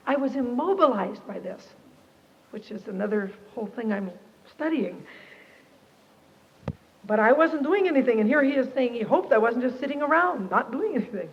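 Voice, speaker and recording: A woman giving a personal testimony to a Christian camp audience, expressive and animated, acting out the people in her story. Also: high-pitched. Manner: animated, expressive, quotes herself and others. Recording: dull lo-fi archive tape, reverberant hall.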